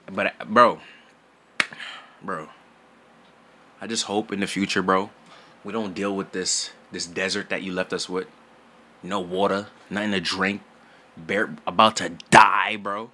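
A young man giving casual gaming news in a vlog, loud and excitable, slangy, repeating "bro" constantly. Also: low voice, unhurried, pauses often, a little hiss or hum. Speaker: gaming YouTuber. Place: home recording setup.

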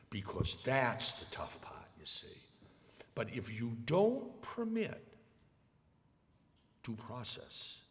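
Older guy lecturing, slow and emphatic, lots of pitch swing, echoey hall. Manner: emphatic storytelling with acted quotes. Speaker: lecturer, attorney. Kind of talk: public lecture. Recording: echoey hall with long reverb.

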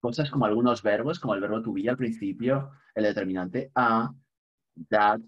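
A Spanish-accented man from Spain, whose native language is Spanish, runs an online English class, blending both languages with frequent chuckles and light jokes. He talks fairly quickly in a lowish voice, and the audio is dull.

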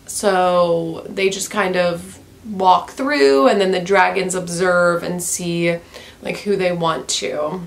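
A woman's voice: lowish voice, a bit bright. A woman vlogger giving a casual, profane book review rant, using "like" constantly. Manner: frank and profane, heavy use of "like".

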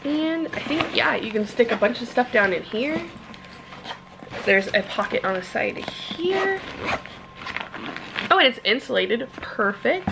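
A young woman with a voice a little higher than most, chatting through an unboxing vlog. She gushes excitedly, leans on "like" and "you guys", and her emotion runs close to tears. A faint hum of room noise sits behind her. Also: unhurried, gravelly, long pauses. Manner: gushing, excitable, fills talk with "like" and "you guys"; emotional, near tears at times. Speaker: vlogger.

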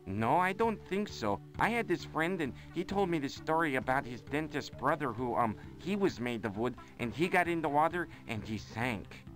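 A woman doing a low, mopey wooden boat. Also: lively intonation, moderate pace, few pauses. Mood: glum. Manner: dull, mopey, fearful. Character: slow gloomy wooden boat, male. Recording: game audio with music.

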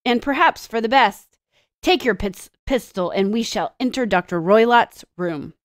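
A grave, commanding detective, read aloud by a woman, giving urgent, clipped orders at an unhurried pace. The voice sits at a middling pitch with a close, dry sound. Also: lively intonation, dry recording.

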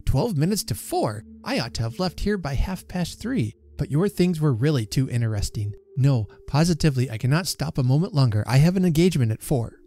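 A man doing a hushed, scheming anarchist. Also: on the high side, sing-song, brisk, few pauses. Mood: hurried. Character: pale, scheming male anarchist visitor, nervous and intense.

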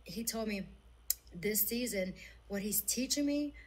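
A woman's voice: medium pitch, measured pace, poor audio. A woman giving an earnest, rambling faith testimony in a video clip. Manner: earnest, rambling, with many fillers. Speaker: religious testimony speaker.

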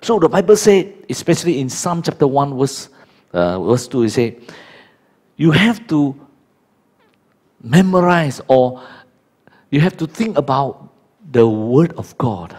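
Pastor pria usia 50-an, bahasa ibu Mandarin; khotbah ekspresif, nada naik-turun lebar. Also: male voice, mid-range voice, sing-song, measured pace, long pauses, a little mellow. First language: Chinese. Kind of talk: sermon.

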